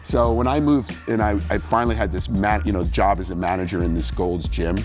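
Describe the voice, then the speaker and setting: Deep-voiced man telling stories. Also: a little fast, over music. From New Jersey, USA. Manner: animated, acts out quoted voices. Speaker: guest bodybuilder. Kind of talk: casual storytelling interview.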